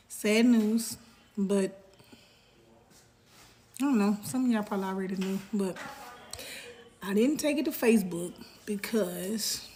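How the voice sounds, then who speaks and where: A woman's voice: mid-range voice, a little mellow. Woman, resolute casual update, faint noise. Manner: steadying herself, resolute. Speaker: vlogger.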